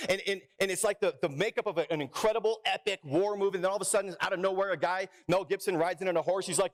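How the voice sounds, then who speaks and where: Playful, high-voiced pastor. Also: male voice. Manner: playful, jokey, lots of restarts and asides; energetic crowd work with a live congregation. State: out of breath. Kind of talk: sermon. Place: church sanctuary.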